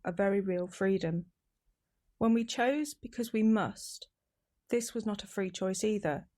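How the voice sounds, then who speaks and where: Woman, middle-pitched voice, steady and deliberate reading aloud. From East Midlands, England. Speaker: reader of daily recovery readings.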